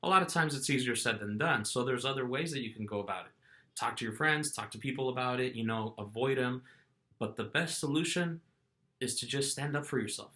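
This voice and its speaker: A middle-aged man talks straight to his viewers in a casual, storytelling vlog. His tone is bright and forceful at an ordinary pitch. He keeps the telling animated, restarting phrases and jumping into quoted voices. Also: a little fast. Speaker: vlogger.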